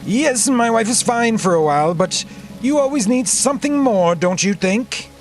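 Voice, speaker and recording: A man's voice: extremely high pitch, animated, moderate pace, soft background music, voice pushed up. A man voicing a smug, flirtatious middle-aged male guest in a game, with a teasing manner. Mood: leering.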